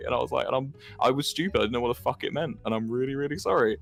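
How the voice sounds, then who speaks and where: A man's voice: mid-range voice, animated, rapid-fire, vocal fry. A young British man chatting casually on a podcast and telling frank stories about his past mistakes, swearing freely. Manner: candid storytelling with frequent swearing. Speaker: podcast co-host.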